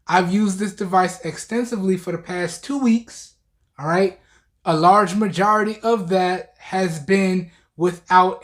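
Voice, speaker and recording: Tired guy doing a chill phone review, voice kinda worn, talks to viewers like friends. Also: high-pitched. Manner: chatty, addresses viewers directly as y'all. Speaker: tech reviewer. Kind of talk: casual product review.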